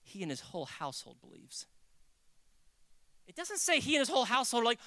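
A preacher giving a casual, animated sermon, jumping into acted quotes and joking with the congregation. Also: medium pitch, quick pace, pauses often, dry recording. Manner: animated, acts out quotes, jokes. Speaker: pastor. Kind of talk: conversational sermon.

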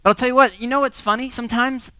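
With a very high-pitched, fast voice and a clean, echo-free sound, this American man in his thirties or forties is a pastor teaching a series. He's a lively storyteller who fills his sermon-style talk with personal anecdotes, frequent chuckles and acted-out voices.

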